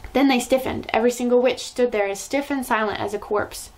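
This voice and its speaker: A woman reads a children's novel aloud as a storyteller. Her voice sits slightly high and she keeps the narration lively and expressive. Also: a little fast, rough recording.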